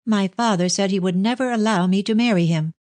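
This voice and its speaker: A woman's voice: medium pitch, fairly quick, darkish tone, dry recording, pitched above the performer's own voice, lightly acted. A woman voicing a proud, indignant young woman who speaks crossly in a storybook reading. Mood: horrified. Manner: cross, agitated.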